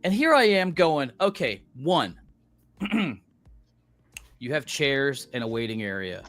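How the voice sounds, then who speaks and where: A man's voice: mid-range voice, sing-song, takes it slowly, fairly bright tone, soft background music. A middle-aged man, a podcast co-host, telling a story as a heated, profane rant and acting out quotes.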